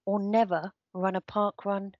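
Someone doing a deadpan stats guru. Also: mid-range voice, measured pace, dry recording. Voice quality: deadpan, absurd one-liners. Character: odd, dry male stats guru called sir. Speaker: regular segment judge. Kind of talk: comedy podcast chat. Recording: slightly dull lo-fi sound.

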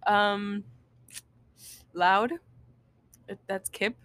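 A woman's voice: medium pitch, steady tone, drawn-out words, a bit bright, smooth. A woman guest on a podcast in casual chat, playful as she guesses at slang.

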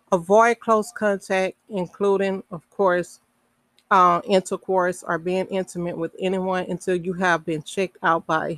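A woman hosting a podcast, reading health information aloud slowly, with casual asides, fillers and the odd self-correction. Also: medium pitch, low-quality recording. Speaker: podcast host.

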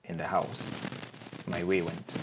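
A man in his forties, a podcast guest, telling his own story in a reflective, halting way and often checking in with the listener. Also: low voice, flat delivery, heavy background noise. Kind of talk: candid personal storytelling.

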